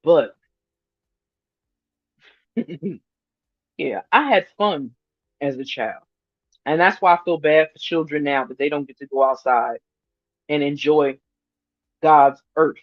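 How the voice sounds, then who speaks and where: A woman in her fifties chatting casually to her viewers on a livestream, animated and laughing often as she reads their comments. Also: low voice, takes it slowly, pauses often, no room sound. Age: 50s. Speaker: vlogger reading viewer comments. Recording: dry, slightly muffled lo-fi sound.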